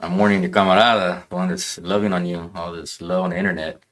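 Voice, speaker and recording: A man in a casual podcast chat, telling a story in rough, profane language. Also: low-pitched, little pitch movement, quick pace, a bit bright.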